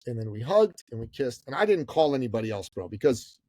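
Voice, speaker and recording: A man in his fifties, from Iran, telling a story as a guest on an interview podcast, animated, swearing casually and calling the host "bro". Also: medium pitch, quick pace, a little hiss or hum. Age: 50s. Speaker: guest, business coach.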